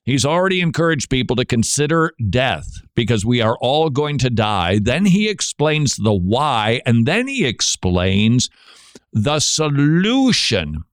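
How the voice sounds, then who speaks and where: A man hosting a Christian radio show, introducing a clip with quick asides and laughter. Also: mid-range voice, big pitch swings, dry recording. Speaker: radio host.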